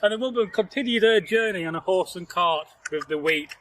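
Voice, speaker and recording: The recording is low quality, with a little hiss or hum, and the man's voice is high, a bit bright and fairly quick. He is a storyteller and channel host relating a folktale outdoors in nature, rambling and chatty while laughing and joking with a companion.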